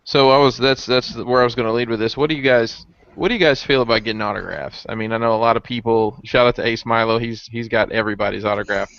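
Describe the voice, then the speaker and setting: A man's voice: mid-range voice, steady tone, quick pace, no echo. A man hosting a casual collector chat, rambling with many restarts, over dull lo-fi stream audio. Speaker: podcast host.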